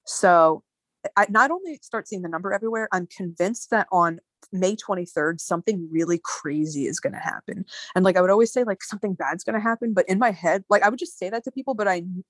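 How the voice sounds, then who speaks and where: A woman in her thirties telling a story in casual conversation, animated, with many fillers and swearing. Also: lowish voice, no echo. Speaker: guest.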